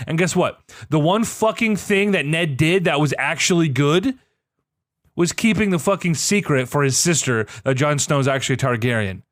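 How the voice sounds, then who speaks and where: A young man co-hosting a podcast, ranting in a profane, exasperated way with sudden jumps up in pitch. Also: brisk, no room sound, studio quality. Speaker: podcast co-host. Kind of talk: casual chat.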